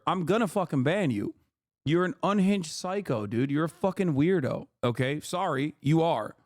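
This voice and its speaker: A male streamer lectures his chat in an unscripted rant, exasperated and profane, hammering the same phrases again and again. His voice sits somewhat high for a man and comes across close and dry, with hardly any room sound. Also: dry recording. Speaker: livestream host.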